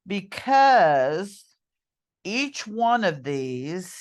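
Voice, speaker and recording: A woman teacher talks students through a screen lesson at an unhurried pace. Her voice sits low, and she fills pauses with ums and corrects herself as she goes. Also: sing-song. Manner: chatty, with many ums and self-corrections. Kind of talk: screen-recorded lesson walkthrough.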